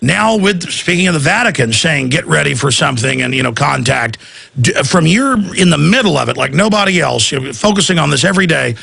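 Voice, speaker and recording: A man's voice: fairly high pitch, animated, fairly quick, creaky, pushed and bright, breathy edge, no echo. A man hosting a talk radio show, asking rambling, intense questions full of restarts.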